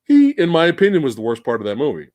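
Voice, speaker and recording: A man hosting a casual live movie review chat, animated and swearing, acting out scenes with loud quoted lines. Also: a little high, fast talker, no echo. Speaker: podcast host.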